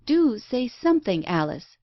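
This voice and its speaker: A woman voicing a brusque, blunt, impatient unmarried woman who talks in a sharp, scolding way. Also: mid-range voice, sing-song, moderate pace, dry recording, lo-fi sound, close to an everyday voice.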